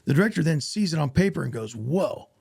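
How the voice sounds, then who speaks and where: A man, an actor guest on a podcast, telling stories in a casual, animated way and acting out what others said. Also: on the high side, very fast, gravelly, husky, dry recording, clean studio sound. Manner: animated, acts out quoted voices. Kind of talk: casual storytelling interview.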